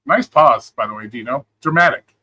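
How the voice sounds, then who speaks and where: A man's voice: mid-range voice, animated, normal speed, pushed and bright, dry recording, rough recording. A man hosting a live stream, bluntly talking back to clips and chat in a repetitive, casual way.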